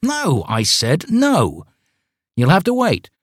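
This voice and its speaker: A man putting on a pompous young cult leader with a raised, loud, ranting voice. He talks grandly and bosses his followers around in a dry, close reading. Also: on the high side, wildly swooping pitch, slow pace, no echo, voice pushed up, full character voice. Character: pompous young male satanic sect leader, bossy.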